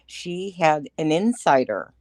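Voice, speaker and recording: A deep-voiced woman with a sing-song lilt and darkish tone takes it slowly while guesting on a livestream. She talks at length, meandering through the topic with many fillers in a casual commentary style. No echo; studio quality.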